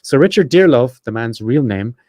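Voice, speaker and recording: A man hosting a podcast, reading a prepared script quickly with chatty asides and self-corrections. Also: mid-range voice, lively intonation, dark tone, dry recording. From Ireland. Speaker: podcast host.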